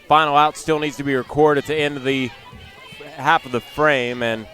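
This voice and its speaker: A man giving relaxed color commentary on a college softball game, with short analytical remarks. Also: medium pitch, normal speed, soft background music. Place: outdoor softball field.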